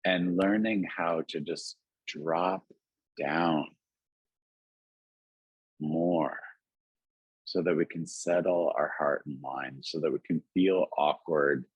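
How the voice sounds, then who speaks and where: A man talking gently and reflectively as a guest author on a video call, musing aloud with many "like"s and "you know"s. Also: extremely low pitch, fairly even intonation, slow, pauses often, slightly rough, dry recording. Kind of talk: reflective conversation. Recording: dull lo-fi webinar audio.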